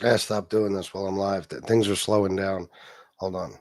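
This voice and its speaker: A man's voice: low voice, steady tone, a little mellow. A man hosting a political livestream, chatting casually and bluntly with plenty of swearing as he reads posts aloud and answers his chat. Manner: blunt and profane, quick retorts to chat.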